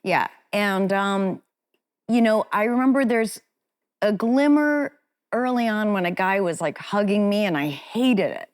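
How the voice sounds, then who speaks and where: A woman's voice: mid-range voice, expressive, measured pace. A woman speaking as an interview guest, telling personal stories in a frank, chatty, self-deprecating way. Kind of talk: candid conversational storytelling.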